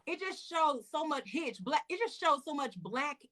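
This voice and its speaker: Excited high-voiced woman host. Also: normal speed, a little hiss or hum. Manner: excited, animated storytelling. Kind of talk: casual chat.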